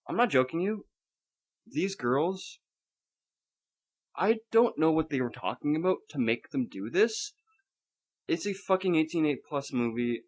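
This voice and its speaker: A man's voice: a little high, animated, unhurried, long pauses, rough recording. A young man co-hosting a casual podcast, telling a story in a swearing, theatrically upset rant. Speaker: podcast co-host.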